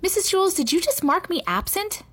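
A woman's voice: extremely high pitch, big pitch swings, brisk, a bit bright, voice pushed up, full character voice. A woman reading aloud and voicing an indignant young schoolgirl who insists on being noticed. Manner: insistent, increasingly upset.

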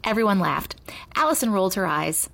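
Woman storybook reader, expressive, husky, animated read-aloud. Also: medium pitch, brisk. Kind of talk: reading a children's book aloud.

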